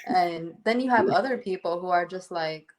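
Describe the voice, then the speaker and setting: Easygoing woman with a lowish voice on a podcast. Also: normal speed. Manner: easygoing and upbeat, laughing often. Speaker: podcast co-host. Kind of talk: casual chat.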